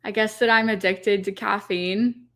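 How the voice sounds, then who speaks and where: A woman's voice: mid-range voice, fairly even intonation, a little slow, a bit bright. Chatty young woman podcast guest. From American South. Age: 20s. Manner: chatty, laughs often, restarts sentences. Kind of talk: casual chat.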